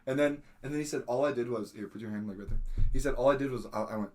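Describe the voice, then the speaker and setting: A young adult man telling a story in casual podcast chat, acting out quotes with sudden shouts. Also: medium pitch, very fast. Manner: many fillers and restarts, laughing. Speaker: podcast host.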